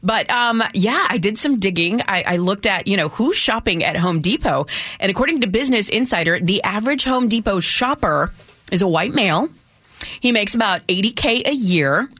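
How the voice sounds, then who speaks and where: A woman presenting a light morning show segment in a chatty, lively manner. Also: mid-range voice, moderate pace, husky, no room sound. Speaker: show contributor.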